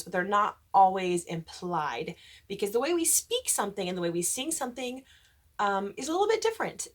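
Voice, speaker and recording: A woman's voice: medium pitch, fairly bright tone. A woman voice teacher explaining diction rules for church cantors and demonstrating vowel shapes. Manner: explains patiently, breaks into sung vowel examples. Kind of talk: instructional talk with sung demonstrations.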